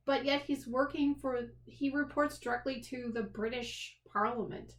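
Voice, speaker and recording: A woman with a high voice gives her take in a casual review chat, blunt and quick to dismiss. She circles back to the same complaints. The sound is echoey, as if from a bare room. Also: fairly even intonation. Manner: blunt, dismissive, repeats herself. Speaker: podcast co-host, film reviewer.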